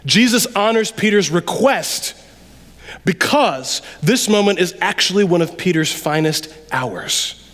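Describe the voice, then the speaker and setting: High-voiced preacher in a reverberant church. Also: male voice, unhurried. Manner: conversational, animated preaching with sudden drops to quiet. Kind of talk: sermon. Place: church sanctuary. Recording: long reverb of a large hall.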